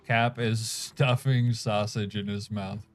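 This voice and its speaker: Low-voiced man streaming, chatting while eating. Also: flat delivery, slow pace, soft background music. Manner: reads chat aloud, chuckling, talks while eating. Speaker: game streamer. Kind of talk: casual live-stream chat.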